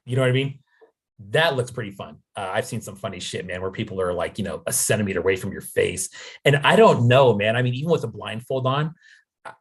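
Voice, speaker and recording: Husky laid-back podcast host. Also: male voice, lowish voice. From United States. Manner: laid-back, says dude and man a lot. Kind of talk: casual chat.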